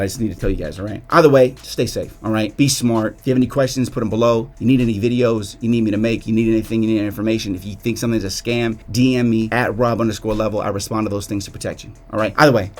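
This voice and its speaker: A man's voice: on the low side, rapid-fire, few pauses, a little mellow. A man from Chicago, a music industry YouTuber, ranting emphatically to camera with streetwise slang. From Chicago, United States. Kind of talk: direct-to-camera rant.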